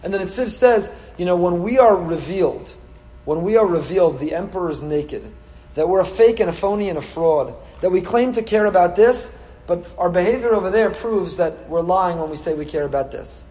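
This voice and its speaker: Male rabbi giving a sermon, voice sitting a touch high, repeats lines, asks questions, swings in volume. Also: lively intonation, fairly quick, dark tone, roomy sound, low-quality recording. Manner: rhetorical questions, repetition, dramatic swings in volume; storytelling, acts out quoted voices.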